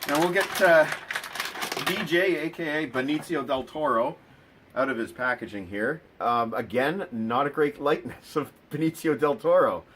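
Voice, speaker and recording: A man's voice: a little high, normal speed, a bit bright, a little hiss or hum. Dry, sarcastic man unboxing toys. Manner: dry, sarcastic, lots of ums and uhs. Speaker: toy unboxing host. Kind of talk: casual unboxing chat.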